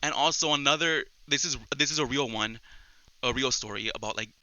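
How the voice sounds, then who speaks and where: A young man hosting a casual solo chat podcast, rambling excitably and often restarting his sentences. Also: mid-range voice, fairly quick, no room sound, highs cut off. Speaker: podcast host.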